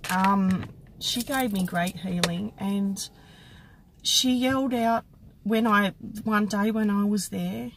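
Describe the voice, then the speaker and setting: Woman spiritual vlogger, reflective storyteller, halting delivery, medium pitch. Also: slight background noise, rough recording. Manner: soft-spoken, reflective, halting with restarts. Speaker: psychic medium. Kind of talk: personal storytelling to camera.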